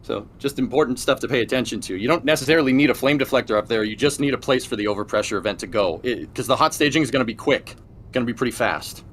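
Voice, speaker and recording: A man co-hosting a livestream, working through rocket staging with lots of stops, fillers and restarts. His pitch sits in an ordinary middle range. A faint hiss of noise runs under the voice. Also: fast talker, fairly bright tone. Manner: explains with many restarts and fillers. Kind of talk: casual technical chat.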